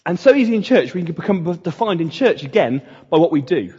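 A man's voice: a little high, big pitch swings, fairly quick, few pauses, dark tone, breathy edge. A man, a pastor giving a conversational sermon, mocking quoted voices now and then. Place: church hall. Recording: echoey hall, dull lo-fi sound.

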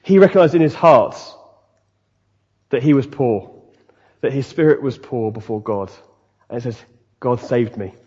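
A man preaching a sermon, animated and acting out the voices of the people he quotes. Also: medium pitch, moderate pace, long pauses, husky. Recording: dull, long-reverb hall.

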